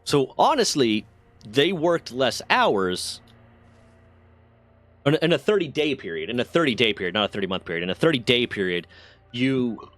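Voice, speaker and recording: A man's voice: mid-range voice, lively intonation, normal speed, long pauses, a bit bright. A man streaming a game while telling a rambling, profane story in a casual way. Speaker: gaming streamer.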